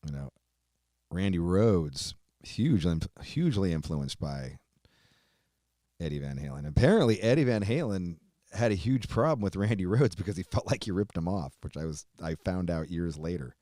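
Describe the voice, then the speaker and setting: A man hosting a show, giving an emotional tribute while on the verge of tears, swearing often and trailing off quietly. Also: deep voice, expressive, normal speed, no room sound, studio quality. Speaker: host.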